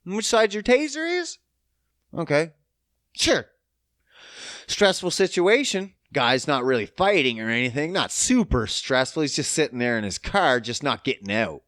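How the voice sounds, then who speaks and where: A male podcast host talks in a lively, swooping voice that sits fairly high for a man. He rants with casual profanity and sarcasm. The sound is dry and close on the mic. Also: measured pace, no room sound. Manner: animated, profane, sarcastic ranting.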